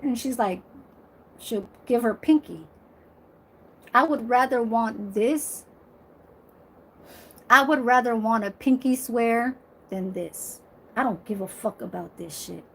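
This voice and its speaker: Woman vlogger in her forties, blunt and profane, unhurried delivery. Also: a little high, gravelly, breathy edge. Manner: blunt, emphatic, profane, laughs loudly. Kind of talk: casual monologue to camera.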